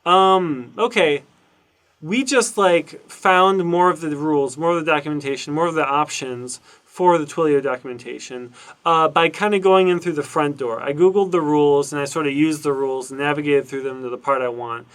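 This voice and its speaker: A man lecturing informally over a screen recording, his voice sitting a little high for a man. He thinks out loud as he goes, with plenty of ums, uhs and restarted phrases. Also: moderate pace. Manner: thinks aloud with many fillers and restarts. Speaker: university lecturer. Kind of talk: casual recorded lecture walking through documentation.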